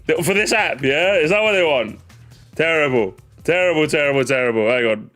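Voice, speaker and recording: A man's voice: on the high side, brisk, a bit bright, soft background music. A man hosting a casual gaming livestream, rambling jokily, repeating phrases and calling his viewers gamers. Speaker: livestream host.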